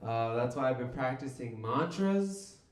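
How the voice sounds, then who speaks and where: A man of Mexican background doing a deadpan stand-up set in a comedy club. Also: mid-range voice, a little slow. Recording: echoey club room.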